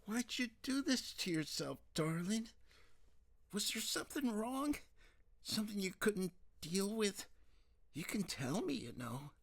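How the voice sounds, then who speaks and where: A man voicing a worried middle-aged mother who pleads softly and tenderly with her daughter. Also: medium pitch, sing-song, a little slow, pitched above the performer's own voice. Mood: tender pleading. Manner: soft, coaxing, close to tears.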